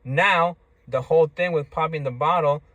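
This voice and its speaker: A man's voice: a little high, normal speed, a bit bright, no room sound, muffled recording. A man talking in a casual, rambling monologue, stammering through restarts and tagging lines with "right?" and "you see?".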